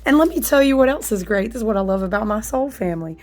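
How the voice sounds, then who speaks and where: A woman with a hoarse, husky voice that is still recovering, chatting casually to camera about her candle and ritual craft, peppering her talk with "y'all" and "listen.". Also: fairly high pitch, quick pace. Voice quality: husky, smoky-sounding. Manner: chatty, animated, says "y'all" and "listen" often. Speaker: candle and ritual tool maker.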